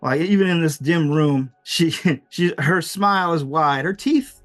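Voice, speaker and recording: A man narrating as game master of a tabletop game, lively and chuckling, with many fillers. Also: a little high, measured pace, no echo, soft background music.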